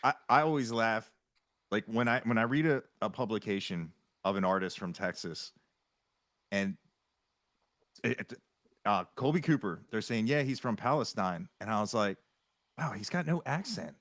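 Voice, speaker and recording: A man's voice: on the low side, normal speed, long pauses, a bit bright, no echo, studio quality. A man hosting a podcast, telling stories animatedly in casual chat with frequent bursts of laughter. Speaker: podcast host.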